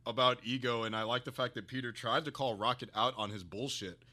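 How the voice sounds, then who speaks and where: A man co-hosting a podcast, reviewing a movie in animated, sarcastic, profane banter with frequent laughter. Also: mid-range voice, a little fast. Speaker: podcast co-host. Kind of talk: casual movie review chat.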